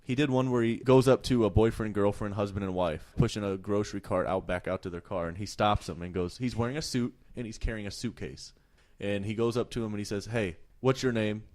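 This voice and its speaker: A man hosting a casual podcast chat, telling stories with lively acted-out voices. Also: lowish voice, fairly quick. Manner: animated storyteller, acts out voices in retelling. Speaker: podcast host.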